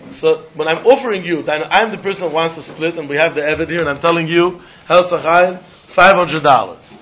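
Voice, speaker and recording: Animated Talmud teacher with lilt. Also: male voice, on the high side, muffled recording. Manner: sing-song study-hall explaining, acting out both sides of a deal. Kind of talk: animated Talmud class lecture.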